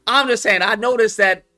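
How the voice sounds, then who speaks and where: High, bright-voiced male commentator. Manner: animated, profane, repeats himself. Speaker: online commentator. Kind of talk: casual commentary.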